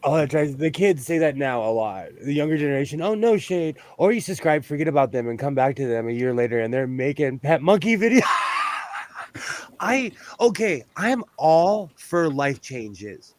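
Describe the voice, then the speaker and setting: A man's voice: on the high side, animated, moderate pace. A man from the US West Coast hosting a casual sewing livestream, rambling from topic to topic and laughing often. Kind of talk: casual chat while sewing.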